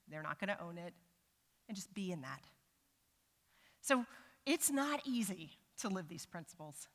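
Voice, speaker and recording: A middle-aged woman preaching with a bright, sharp voice, lively and humorous as she acts out the voices she quotes. Her words ring out in a large church sanctuary with a long trailing reverb. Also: lowish voice. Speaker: church speaker. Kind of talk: sermon.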